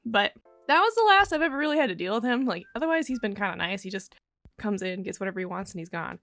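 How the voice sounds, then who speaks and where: A woman's voice: mid-range voice, animated, fast, fairly bright tone. A young woman from Minnesota telling a casual story in a wry, sarcastic way, with laughs. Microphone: studio USB microphone.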